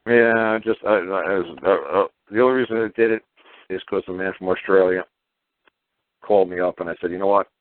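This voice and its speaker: This deep-voiced man phones a talk show and talks at a fairly quick clip, with no room sound on the recording. He keeps things casual and animated, imitating the people he quotes over a dry, tinny line.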